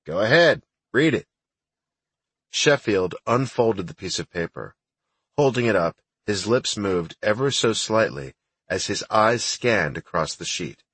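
Husky-voiced male audiobook narrator. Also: fairly low pitch, expressive, unhurried, a bit bright, no echo.

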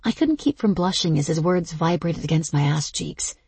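Low, husky woman narrating an audiobook. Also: big pitch swings, moderate pace, a little mellow, no room sound. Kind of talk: first-person audiobook narration.

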